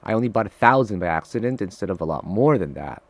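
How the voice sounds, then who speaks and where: A man giving live trading commentary to his viewers, excitable and profane, swinging from loud frustrated outbursts to low muttering. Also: fast, no room sound. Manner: talks straight to viewers, calling them guys. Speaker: day trader streaming live trades.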